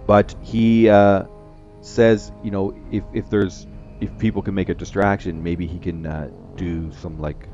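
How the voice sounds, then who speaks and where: A man's voice: deep voice, flat delivery, a little slow, mellow, dull audio, faint music behind. A man narrating as game master, rambling with many fillers.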